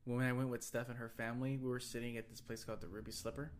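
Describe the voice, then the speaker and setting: A man's voice: medium pitch, flat delivery, very fast, a little hiss or hum. A young man with a light Texan accent, chatting casually as a podcast co-host, swearing freely and laughing easily. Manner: laid-back, profane, laughs easily. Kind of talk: casual chat.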